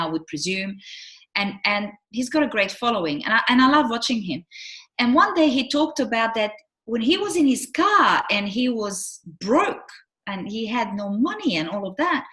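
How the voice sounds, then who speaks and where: Bright, animated woman telling stories. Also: mid-range voice. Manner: animated storyteller, acts out quotes. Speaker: relationship coach, co-host. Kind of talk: casual chat.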